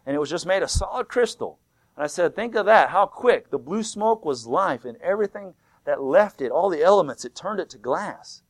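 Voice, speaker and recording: A man preaching a sermon, fervent and swinging from loud to hushed. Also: on the high side, animated, fairly quick, no echo. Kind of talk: sermon retelling a vision.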